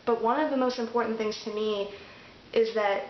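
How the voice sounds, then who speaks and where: Young American woman, casual rambly vlog talk, flat delivery, roomy echo. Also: on the high side, moderate pace, a little hiss or hum. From United States. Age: young adult. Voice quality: rambling, many fillers and restarts. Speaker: vlogger. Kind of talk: casual chat. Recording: echoey room, dull sound.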